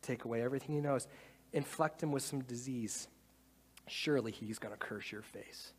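A man's voice: mid-range voice, moderate pace, breathy edge, big-room sound, voice pushed down, natural voice. A man voicing Satan in a biblical scene, with a sly, offhand manner, in a live sermon. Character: sly scheming male Satan.

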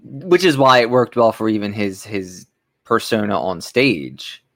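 A man with a somewhat low voice co-hosting a podcast in casual chat. He gives blunt, opinionated takes, recorded close and dry with no room sound. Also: expressive, measured pace, vocal fry, fairly bright tone, no room sound. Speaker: podcast co-host.

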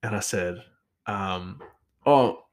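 A man's voice: lowish voice, unhurried. A man, a chef, telling a story in a rambling, casual way and chuckling often.

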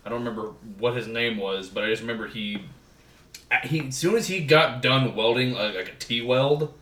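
A young man with a bright, forward voice tells animated stories full of swearing. He sits back from the mic in an echoey room with a faint hiss underneath. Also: mid-range voice, normal speed, recorded from a distance. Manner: animated, profane storytelling. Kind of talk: casual chat.

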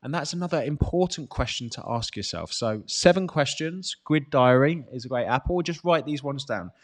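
A man's voice: mid-range voice, lively intonation, moderate pace. A British man in his thirties coaching people on fitness and mindset in a loose, chatty way. He talks bluntly and with energy, swearing freely as he makes his points. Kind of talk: casual motivational talk.

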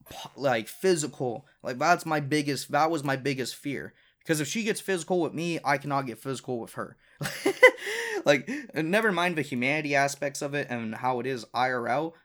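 A man's voice: medium pitch, fairly bright tone. A young man hosting his own podcast, telling a personal story in a casual, profane, exasperated way, with frequent laughs between lines. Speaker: podcast host.

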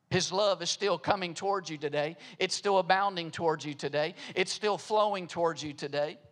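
A man with a strikingly high-pitched voice delivers a sermon. He asks his listeners question after question and repeats key phrases to drive them home. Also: a little fast, few pauses. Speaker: preacher.

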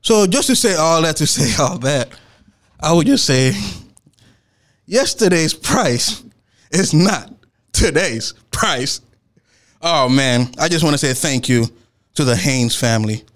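A man's voice: mid-range voice, moderate pace, clear, resonant tone. A man, a performance poet, telling a story in a casual, slangy way. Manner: slangy, animated retelling with laughs and acted-out quotes.

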